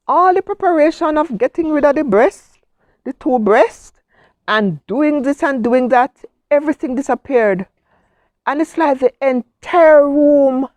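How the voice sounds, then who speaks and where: A woman's voice: high-pitched, a little mellow, dry recording. A middle-aged woman telling her personal story as an interview guest, heartfelt and emotional, acting out what she said at the time. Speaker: guest, cancer survivor. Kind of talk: personal testimony.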